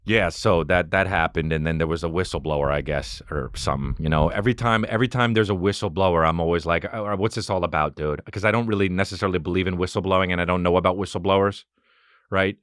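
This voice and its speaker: A man's voice: low voice, quick pace, a bit bright, smooth, no echo, studio quality. A man hosting a podcast alone at home, talking in a loose, profane, rambling comedic monologue that jumps from topic to topic. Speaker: podcast host. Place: home room with a fan running.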